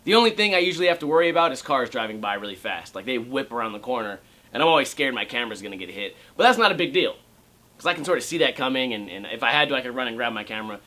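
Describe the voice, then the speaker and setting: A man's voice: mid-range voice, big pitch swings, very fast, bright, forceful tone. A young man vlogging about skateboarding at home, ranting sarcastically and swearing, and he often mocks other people's voices. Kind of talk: casual ranting vlog.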